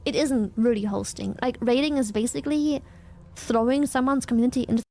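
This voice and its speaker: A woman streamer chatting casually and explaining, in an excitable, bubbly manner. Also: fairly high pitch, brisk, no echo, studio quality.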